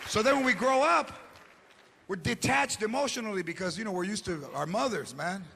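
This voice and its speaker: A man doing stand-up comedy, loud, brash and profane, dropping Spanish phrases, on stage at a large venue. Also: sits high, fairly quick, creaky. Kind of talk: stand-up routine. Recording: live show with crowd laughter and noise.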